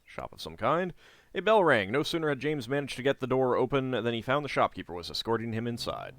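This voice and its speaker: Man, playthrough host reading game story, animated delivery, dry room. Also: medium pitch, a little fast, dry recording. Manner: relaxed, chatty asides. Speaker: gameplay host and narrator. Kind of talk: reading game text aloud with commentary.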